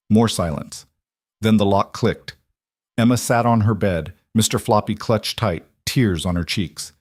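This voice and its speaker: A man giving scripted narration of a story in an even, measured storytelling voice. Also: lowish voice, no room sound, clean studio sound.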